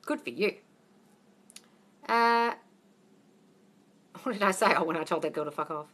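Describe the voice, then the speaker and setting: Australian woman, bright voice, blunt and sweary live Q&A host who calls people darling. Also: lowish voice, a little slow. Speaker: manifesting coach hosting a live Q&A. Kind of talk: casual live Q&A.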